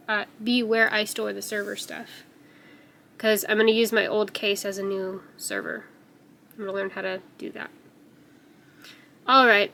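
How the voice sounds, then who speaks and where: A woman's voice: creaky, a bit bright, slight background noise, rough recording. A young woman chatting casually in a home vlog about her setup and her cats. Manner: talks sweetly to her cats in a high baby-talk voice. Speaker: vlogger. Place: home room.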